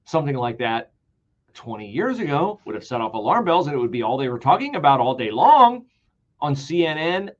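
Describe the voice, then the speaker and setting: A male commentator with a very lively, swooping pitch who drives his points home with repetition and sarcasm. He jumps from loud outbursts to hushed, mocking asides. The stream audio sounds a little dull. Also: fairly quick. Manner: emphatic, sarcastic, repeats key words for stress; swings between loud outbursts and mocking whispers. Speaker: political commentary host. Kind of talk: solo political commentary stream.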